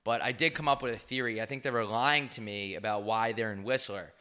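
A young man co-hosting a podcast, telling crude jokes and animated stories in casual chat. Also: on the low side, a little fast, clean tone. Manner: crude, joking, animated storytelling. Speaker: podcast co-host.

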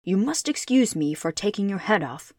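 A woman reading aloud and voicing a little humbug wizard in a calm, measured, slightly lower voice. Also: no echo, clean studio sound. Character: humbug wizard, little old man, smooth.

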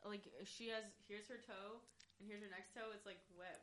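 A woman joining a podcast in casual chat, making quick teasing remarks. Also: mid-range voice, fairly even intonation, fairly bright tone.

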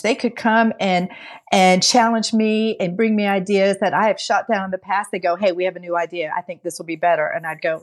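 A woman co-hosting a podcast, telling a story in casual conversation. She acts out quoted dialogue with lively changes of voice and laughs often between her words. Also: mid-range voice. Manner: laughs often mid-sentence. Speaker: podcast co-host.

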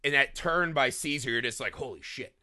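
A man's voice: medium pitch, brisk, over a noisy crowd. A man co-hosting a casual film podcast. He is opinionated and joking, with loose and profane asides. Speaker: podcast co-host.

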